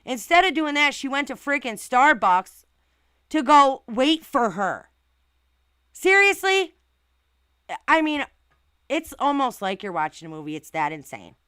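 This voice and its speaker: Outspoken woman with a bright, crisp voice. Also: fairly high pitch, expressive, normal speed, no room sound, studio quality. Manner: outspoken, indignant, swears and asks rhetorical questions. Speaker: channel host reading viewer comments. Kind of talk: casual livestream commentary.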